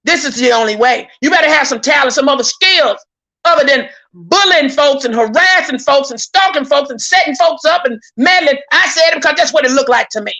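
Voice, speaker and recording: A woman's voice: high voice, animated, a little fast, bright, forceful tone. A woman giving heated live-stream commentary, indignant and preachy, repeating her points, stammering when worked up and calling out to viewers. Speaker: YouTube commentator.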